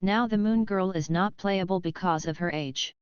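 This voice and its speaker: A woman streamer talks to her chat in a loose, offhand way, swearing casually. Her voice is very clean and smooth and a little low, recorded dry and close with slightly dull, lo-fi sound. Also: moderate pace, darkish tone, no echo. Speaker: livestreamer.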